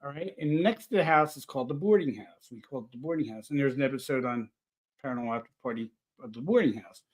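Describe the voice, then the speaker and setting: A man telling a story in a casual chat, rambling and animated, full of restarts. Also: mid-range voice, fast talker. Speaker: paranormal investigator guest.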